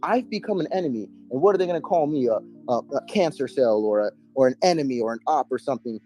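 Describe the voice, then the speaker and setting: A man's voice: mid-range voice, lively intonation, fast, warm tone, faint music behind. A man telling his story in a casual interview, emphatic and heavy on slang and swearing. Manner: emphatic, profane, street slang. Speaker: interview guest.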